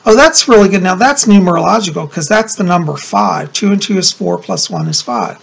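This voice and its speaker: A middle-aged man hosts a casual vlog, chatting warmly and gushing over each item he holds up. His voice is gravelly and husky. He talks with fond exclamations and loose, rambling asides. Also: high-pitched, big pitch swings, brisk. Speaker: psychic vlogger. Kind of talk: casual show-and-tell vlog.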